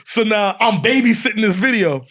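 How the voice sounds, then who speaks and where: A man's voice: high voice, normal speed. A man guest on a podcast telling a funny story in casual talk, laughing often and acting out what others said. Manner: animated, laughs often, acts out quotes.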